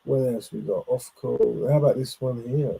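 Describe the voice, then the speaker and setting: A man's voice: medium pitch, normal speed, creaky, noisy background. A man hosting, commenting on clips in a loose, rambling way with lots of fillers. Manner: loose, rambling, with many fillers and shout-outs. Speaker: host.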